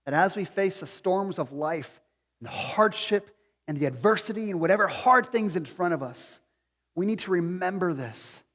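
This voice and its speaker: A man preaching a sermon as pastor, moving between quiet reflection and loud, pleading appeals. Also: high-pitched, animated, normal speed, long reverb tail. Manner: swings from hushed to near-shouting pleading. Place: church sanctuary.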